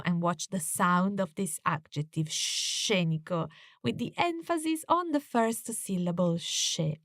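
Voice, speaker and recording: A woman with as her teaches a lesson at a slow, patient pace, often pausing on "uh" as she explains. Her voice sits at a middle pitch and sounds close and dry, with no room echo. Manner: slow, careful explanations with frequent "uh" fillers. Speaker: language teacher.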